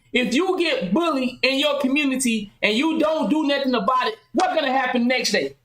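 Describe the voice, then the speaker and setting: A woman hosting a podcast, talking loudly and passionately, firing off rhetorical questions in casual commentary. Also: high voice, roomy sound, rough recording. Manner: loud, impassioned, rhetorical questions. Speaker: podcast host.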